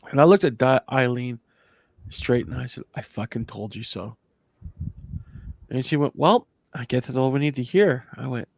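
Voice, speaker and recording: A man's voice: mid-range voice, vocal fry, dry recording. A man, a former convention staffer co-hosting a podcast, telling a long profane story in an emotional, rambling way. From Canada. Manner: profane, emotional, rambling retelling with acted quotes. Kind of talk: casual storytelling chat.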